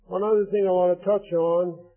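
A man preaching a sermon in a solemn, measured way, reading scripture aloud between his own remarks. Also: high-pitched, level tone. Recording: tinny phone-like lo-fi recording.

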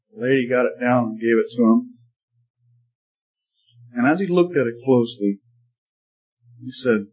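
A man preaching, telling a parable in an earnest, measured way. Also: mid-range voice, husky. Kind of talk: sermon storytelling. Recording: slightly muffled recording.

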